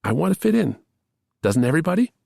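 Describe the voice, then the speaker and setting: A man's voice: medium pitch, animated, a little mellow, breathy edge, no room sound, clean studio sound, voice pushed up. A man reading a thriller audiobook, voicing an earnest, eager young woman who is a police rookie. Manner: eager, pleading, fast-rising emotion.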